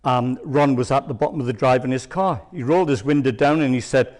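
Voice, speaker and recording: An older man giving a church testimony as a rambling, hesitant storyteller with many pauses and ums. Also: mid-range voice, darkish tone. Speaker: church speaker. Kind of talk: sermon testimony.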